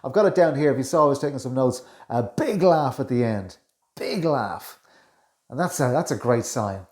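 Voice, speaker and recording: Chatty communication coach in an echoey room. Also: male voice, mid-range voice, animated, darkish tone. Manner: chatty, with quick asides and self-corrections. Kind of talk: reaction video commentary.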